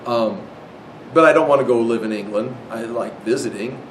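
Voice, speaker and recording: American man teaching Bible history, echoey room. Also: moderate pace. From United States. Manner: rambling, with many restarts and asides. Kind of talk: casual classroom lecture. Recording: echoey room, mic far off, faint rumble.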